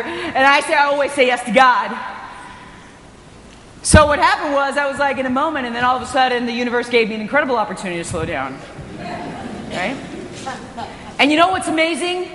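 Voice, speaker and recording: A woman giving an energetic, inspirational conference talk as a motivational speaker, often raising her voice for emphasis. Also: high-pitched, slight background noise. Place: hotel conference hall. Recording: echoey hall recording.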